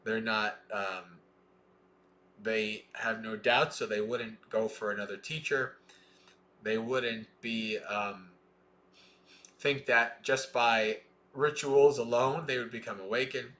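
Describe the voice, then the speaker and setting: A man reading a Buddhist scripture aloud in a slow, measured way, with plain explaining asides between passages. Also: on the low side, fairly even intonation, sharp tone. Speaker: Dhamma reader.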